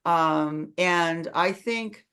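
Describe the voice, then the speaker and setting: Chatty lower-voiced woman hosting a book club. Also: very slow, fairly bright tone, clear, resonant tone. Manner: chatty, many fillers. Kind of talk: casual online book club discussion. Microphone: video call.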